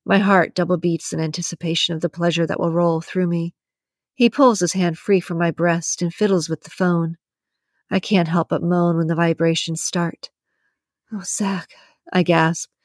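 Low-voiced woman narrating a romance. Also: a little mellow, no room sound, clean studio sound. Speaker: audiobook narrator. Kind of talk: first-person romance narration.

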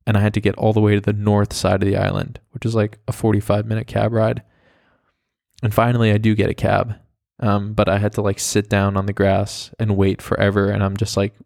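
Lower-voiced man telling a rambling story. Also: a little mellow, dry recording, clean studio sound. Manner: rambling, profane, full of fillers like "like". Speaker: podcast host. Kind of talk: casual storytelling.

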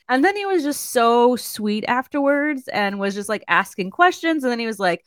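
A woman's voice: a little high, sing-song, moderate pace, few pauses, smooth, no room sound. A woman co-hosting a casual chat, a chatty storyteller who laughs often. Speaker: podcast co-host.

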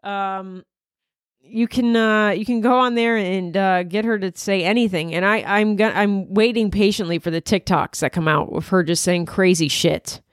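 A woman's voice: mid-range voice, normal speed, no room sound, studio quality. A woman comedian hosting her podcast, rambling through a crude, self-mocking comedic monologue. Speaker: comedian host.

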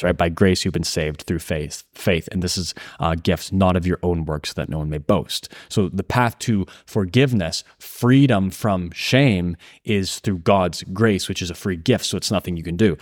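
Podcast co-host, young man, very low voice, dry close mic, thoughtful and halting. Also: no room sound. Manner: thoughtful, searching for words with many fillers and restarts. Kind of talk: casual Christian podcast discussion.

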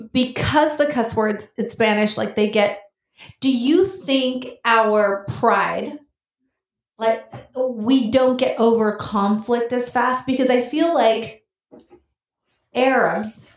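A woman co-hosting a casual chat, slightly high-pitched, who tells family stories with lively acted-out quotes. She sounds set back from the mic. The room around her is very echoey. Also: slow, long pauses, far from the mic. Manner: animated storytelling, acts out quoted relatives. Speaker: co-host.

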